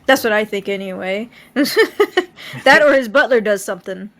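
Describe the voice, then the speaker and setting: Female co-host, chatty and laughing, mid-pitched, trips and corrects herself in quick asides. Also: fairly bright tone. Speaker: podcast co-host. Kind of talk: casual chat.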